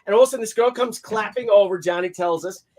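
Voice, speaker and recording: A man's voice: high-pitched, quick pace. A man telling a rambling, profane anecdote in casual chat, acting out the other people in it with changed voices. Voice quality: animated, acts out quotes in other voices. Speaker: podcast guest telling an anecdote. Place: hotel stories; recorded on a video call show.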